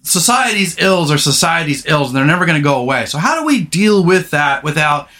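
A middle-aged man hosting a podcast in casual chat, rambling, candid and quick to swear. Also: on the high side, very animated, pushed and bright. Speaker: podcast host.

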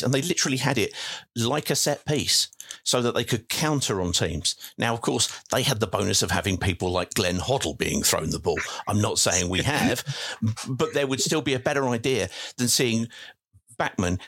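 A man's voice: mid-range voice, animated, normal speed, fairly bright tone, husky. A man co-hosting a podcast, talking football at length in a chatty, teasing way. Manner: chatty, teasing, long explanations. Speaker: podcast co-host. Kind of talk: casual football chat.

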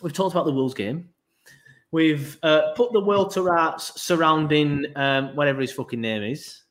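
A man's voice: fairly high pitch, normal speed. A man hosting a football podcast, chatty and rambling, with many asides. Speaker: podcast host. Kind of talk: casual chat.

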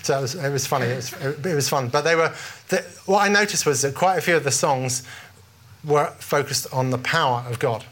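A man's voice: mid-range voice, a little fast, a bit bright. Man, British accent, preacher, conversational, storytelling, restarts phrases. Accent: British English. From Britain. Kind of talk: informal sermon.

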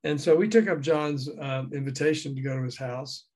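Older man spinning animated anecdotes. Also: medium pitch, normal speed. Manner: animated anecdotes, acting out quoted dialogue; chuckles while telling. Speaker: guest, former record promotion man. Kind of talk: casual storytelling interview.

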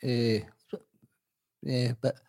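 An older Scottish man, a grandfather, talking casually in a halting, plain-spoken way. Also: medium pitch, level tone, a little mellow. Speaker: podcast guest, grandfather. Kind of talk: casual chat.

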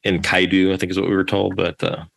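Deep-voiced man talking through a book. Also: flat delivery, very fast, creaky, slightly rough. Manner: hesitant, restarts often. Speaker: podcast co-host. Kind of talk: casual book discussion.

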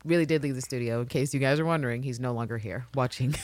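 A woman co-hosting a casual recap podcast, talking in an animated, sarcastic, profane way into a studio mic. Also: very deep voice, fast. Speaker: podcast co-host.

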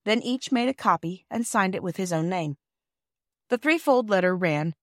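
A woman reads a children's classic aloud in a clear, measured way. Her voice sits at a middle pitch and sounds dry and close to the mic. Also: animated, no room sound. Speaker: audiobook reader. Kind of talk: storybook narration.

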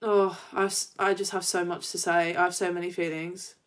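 A woman co-hosting a fan podcast, recounting scenes in a chatty, animated way and acting out the characters' lines. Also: on the low side, normal speed. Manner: chatty with many fillers. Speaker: podcast co-host. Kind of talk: casual fan chat.

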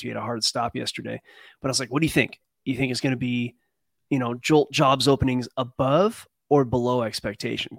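A man's voice: mid-range voice, creaky, no room sound. Laid-back rambling male host, dry sound. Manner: relaxed, rambling with fillers. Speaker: trading show host. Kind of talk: casual chat.

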